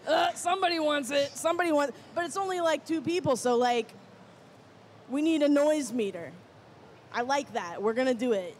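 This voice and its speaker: A woman moderating a live panel, playful and teasing with quick asides. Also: high-pitched, lively intonation, a little mellow, a little hiss or hum.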